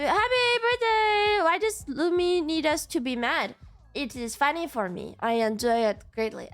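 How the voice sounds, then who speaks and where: Freshly awake and still sleepy, a young woman streamer has a casual chat with her viewers, giggling and swearing as she goes. She speaks in a high-pitched, somewhat bright voice.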